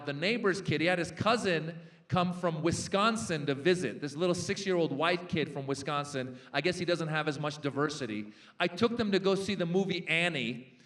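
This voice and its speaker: A man in his forties doing a stand-up comedy set on a festival stage, animated and jumping into impressions and shouted punchlines. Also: on the high side, moderate pace. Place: large festival stage before a live audience.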